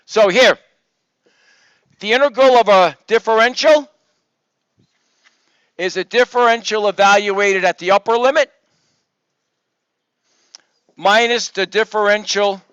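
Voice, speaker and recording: Casting: male lecturer, high voice, loud and teasing, dry dull recording. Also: a little slow, pauses often, smooth, dry recording. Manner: joking, coaxing, calls students by name; loud, projects voice to the room. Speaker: engineering professor. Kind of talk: lecture review session.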